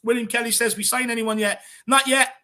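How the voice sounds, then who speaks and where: Bright high-voiced Irish host. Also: male voice, fairly even intonation, brisk. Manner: hypes viewers with "big yourself up, my man". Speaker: host reading live chat. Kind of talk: casual live stream chat.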